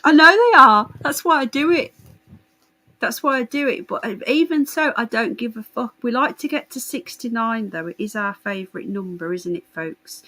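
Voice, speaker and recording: A woman's voice: on the high side, normal speed, fairly bright tone, poor audio. A woman hosting a live stream, chatting casually with viewers in a blunt, sarcastic and sweary way. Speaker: livestream host.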